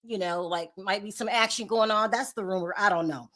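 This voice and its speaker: A woman's voice: medium pitch, a little fast, a bit bright. A woman hosting her own channel, giving sassy, exasperated gossip commentary and often laughing in disbelief. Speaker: channel host.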